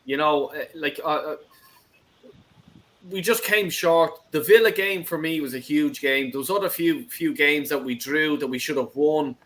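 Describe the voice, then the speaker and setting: A man's voice: fairly high pitch, moderate pace, fairly bright tone, low-quality recording. A man hosting a football fan call-in show, ranting heatedly with constant swearing.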